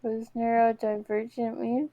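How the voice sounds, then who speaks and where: A tired woman co-hosting a game stream, chatting casually and asking slow, puzzled questions. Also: fairly high pitch, level tone, dry recording, phone-quality sound. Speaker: stream co-host. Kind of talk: casual let's-play chat.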